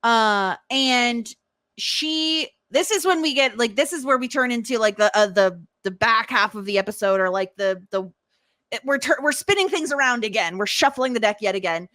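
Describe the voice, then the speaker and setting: A woman's voice: fairly high pitch, lively intonation, normal speed, sharp tone, no room sound, studio quality. A woman hosting a podcast, casually recapping a TV episode in a chatty way, with many restarts and laughs. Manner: chatty, lots of fillers and restarts, laughs while retelling scenes. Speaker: podcast host.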